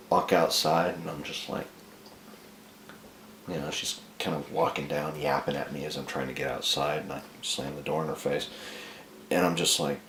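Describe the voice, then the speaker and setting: A man telling a dark, comic story about himself in a crude, profane, rambling way. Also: extremely low pitch, roomy sound, slight background noise.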